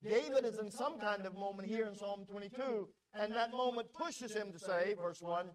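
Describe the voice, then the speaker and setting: A male pastor preaching a sermon, swinging between quiet, low passages and loud, pleading outbursts, often repeating words as he builds. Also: normal speed, hardly any pauses, rough recording. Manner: repeats words when stirred.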